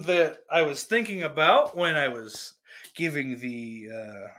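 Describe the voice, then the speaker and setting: A man hosting a podcast in casual live-stream chat, greeting viewers and rambling through profane, self-deprecating banter, with loud outbursts between muttered asides. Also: a little high, unhurried. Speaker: podcast host.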